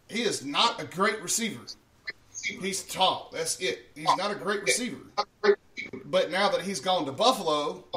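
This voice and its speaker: A man's voice: fairly high pitch, fairly bright tone, far from the mic, a little hiss or hum. A man hosting a morning show in casual, profane chat, laughing often at his own jokes. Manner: swears freely, laughs often at himself.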